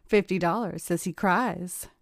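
A woman's voice: lowish voice, a little slow, gravelly, no room sound, clean studio sound. A woman reading as a bossy playful young woman.

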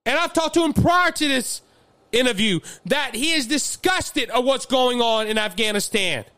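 A man's voice: extremely high pitch, expressive, moderate pace, bright, forceful tone, clean tone, no echo. A man with a Louisiana accent hosting a political commentary show, impassioned and fiery, often repeating words as he builds steam. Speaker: podcast host.

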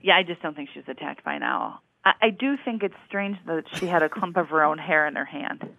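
A co-host talking through a true-crime case in a measured, analytical way, stopping and restarting often. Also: mid-range voice, lively intonation, vocal fry, bright, forceful tone, dry recording. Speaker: podcast co-host. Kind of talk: casual chat about a true-crime series. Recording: tinny phone-like remote line.

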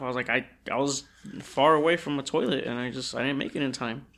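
Gravelly young man telling stories. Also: mid-range voice, fairly even intonation, quick pace, a bit bright. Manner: laughing storyteller, slangy. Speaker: podcast co-host. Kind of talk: casual chat.

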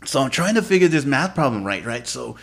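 A man's voice: mid-range voice, sing-song, brisk, gravelly, fairly bright tone, husky. A man co-hosting a podcast, telling a wild story in casual chat with slang and swearing. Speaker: podcast co-host.

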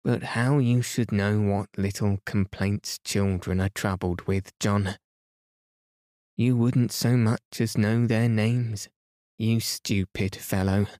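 A man voicing a cheerful young wife and mother in a bedtime story reading, lively and affectionate, only slightly lifting his voice. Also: lowish voice, takes it slowly, no room sound, studio quality. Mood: scolding fondly.

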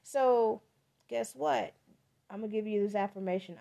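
A woman's voice: mid-range voice, moderate pace, creaky, dark tone. Woman, tarot reader, casual podcast delivery, emphatic and a bit profane, mid-range voice. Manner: chatty, emphatic, loose and profane; repeats words for emphasis.

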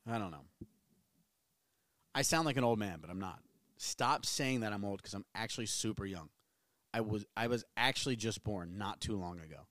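A man's voice: lowish voice, expressive, moderate pace, pauses often, fairly bright tone, no echo. A man in his thirties hosting a solo podcast from his small home studio, rambling and swearing casually with self-mocking jokes. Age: 30s. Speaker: podcast host.

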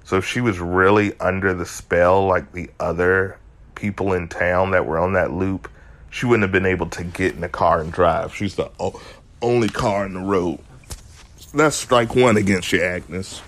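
A man's voice: low voice, fairly even intonation, normal speed, a bit bright. A man giving a casual recap of a show episode, analytical and emphatic, often restarting his sentences.

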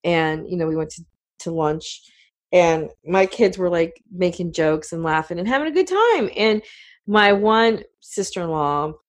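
A middle-aged woman in casual conversation, telling family stories in a rambling, animated way with many fillers. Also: lowish voice, unhurried. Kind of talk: casual chat.

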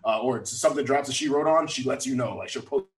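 A man's voice: medium pitch, fast talker, a little hiss or hum, poor audio. Male podcast host, casual and upbeat, laughs a lot, mid-range voice, hypes the guests. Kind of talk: casual chat.

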